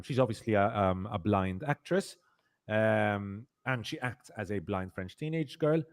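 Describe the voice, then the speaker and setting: A man with a fairly low voice hosts a casual review podcast. He rambles with lots of fillers and repeated words. He slips into emphatic complaints. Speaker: podcast host.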